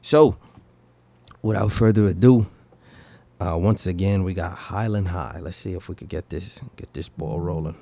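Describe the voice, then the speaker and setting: A man's voice: low-pitched, moderate pace, gravelly, dark tone. A man hosting a podcast, rambling in casual chat and swearing often, with frequent tag questions. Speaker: podcast host. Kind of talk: casual profane reaction chat.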